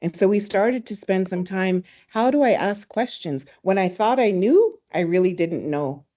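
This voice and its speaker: A woman teaching a language in a webinar, speaking warmly and reflectively, telling stories and laughing easily. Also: medium pitch, expressive, normal speed. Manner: warm, storytelling, laughs easily. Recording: slightly dull webinar audio.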